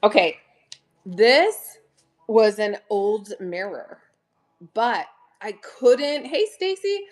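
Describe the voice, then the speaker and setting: Chatty lady doing a live selling stream, talks slow and easy, gets all excited when people pop in. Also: medium pitch. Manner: bubbly, greets viewers by name with excited gasps.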